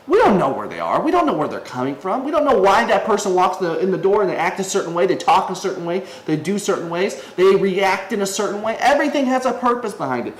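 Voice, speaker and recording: A man's voice: high-pitched, very animated, quick pace, few pauses. A man giving a casual devotional video talk as an online preacher. He rambles in a conversational way, restarts often and acts out quoted voices. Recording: echoey room with faint ambient noise.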